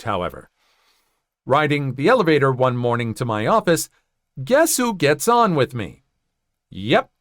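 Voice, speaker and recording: Man telling a first-person story, lively pitch, casual asides, dry close recording. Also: dry recording. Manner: conversational, with joking asides and small laughs. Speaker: story narrator.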